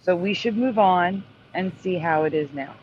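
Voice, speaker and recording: A man's voice: high-pitched, normal speed. A man hosting a casual talk, presenting topics in an upbeat, exclamatory way. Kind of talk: casual chat. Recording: dull lo-fi sound with faint noise.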